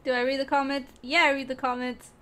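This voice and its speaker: A young woman gaming streamer with a high, fairly bright voice talks fast with a flat delivery. In casual gameplay commentary she chats playfully with teammates and chat, frequently giggling.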